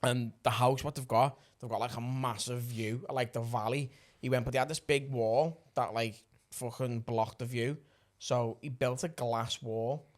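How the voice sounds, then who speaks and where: A man's voice: medium pitch, fairly even intonation, measured pace, few pauses. Rambling man in podcast banter. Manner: rambling, loosely retells stories with swearing. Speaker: podcast co-host. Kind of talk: casual podcast chat.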